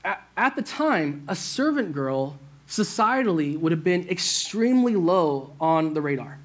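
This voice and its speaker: A man's voice: high-pitched, very animated, unhurried. A man preaching a sermon as pastor, talking in a conversational way and addressing the church directly. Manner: conversational, asks the church "right?".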